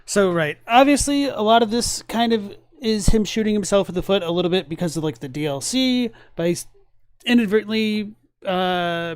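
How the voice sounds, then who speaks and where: Chatty high-voiced man reacting to videos. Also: clear, resonant tone, dry recording, studio quality. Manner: rambling, chatty, many fillers and asides. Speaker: streamer reacting to lore videos. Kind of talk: casual reaction commentary.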